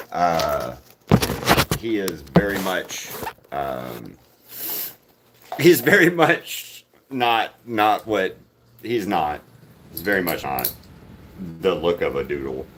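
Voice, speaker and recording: A man with a very low voice chats loosely on a livestream, trailing off and restarting as he goes. He is outdoors on grass and talks into a handheld phone, with steady background noise in the recording. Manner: rambling, chatty, with many restarts. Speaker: artist hosting a livestream. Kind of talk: casual livestream chat. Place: outdoors on grass walking a dog.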